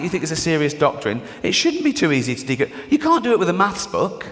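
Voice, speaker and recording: A mocking, sardonic English stand-up comedian in middle age, his voice a little high for a man. He acts out the people in his stories, and it sounds like a live set. A long hall reverb surrounds him, with the room's ambience clearly heard behind. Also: huge pitch swings, quick pace, fairly bright tone, slight background noise.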